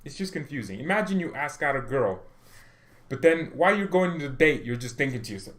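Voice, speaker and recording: A man hosting a fan channel, talking casually and jokingly in rambling commentary with animated bursts. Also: mid-range voice, fairly quick.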